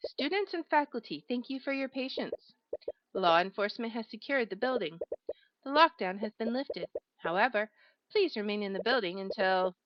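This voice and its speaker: A woman's voice: a little high, expressive, normal speed, dry recording, highs cut off, lightly acted. A woman voicing an older male headmaster making a formal intercom announcement in a game.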